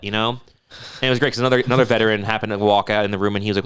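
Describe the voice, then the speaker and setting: A man's voice: lowish voice, flat delivery, racing, a bit bright, smooth. A man with a Northeastern US accent, co-hosting a podcast and telling stories in a profane, ranting way. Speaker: podcast co-host. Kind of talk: casual chat.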